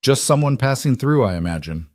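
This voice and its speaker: A man voicing a dignified young single mother who speaks in a calm, restrained way. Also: mid-range voice, fairly quick, pitched above the performer's own voice, natural voice. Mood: guarded.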